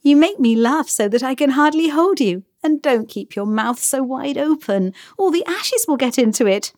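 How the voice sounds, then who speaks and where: A woman voicing a polite, amused young girl in an audiobook reading, speaking slowly and fondly. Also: sits high, animated, a little mellow, no echo, studio quality.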